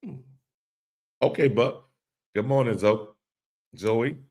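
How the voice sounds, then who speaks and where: A man's voice: medium pitch, slow, mellow, breathy edge. A man hosting a casual live-stream podcast, reading chat comments aloud and laughing along in a laid-back way.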